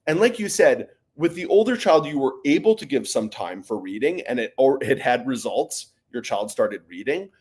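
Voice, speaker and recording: Male Q&A host, lively pitch, casual explainer with fillers. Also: normal speed, hardly any pauses, husky. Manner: conversational, with frequent fillers and "right?" tags. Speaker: host answering parent questions.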